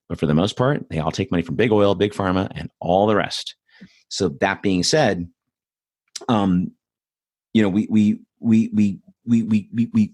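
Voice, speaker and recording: A man's voice: fairly low pitch, no echo, studio quality. A man hosting a show with ranting political commentary. He swears a lot, sounds angry and sarcastic, and stumbles over repeated words. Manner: angry, profane, sarcastic, with stuttered restarts. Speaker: host. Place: home in Austin.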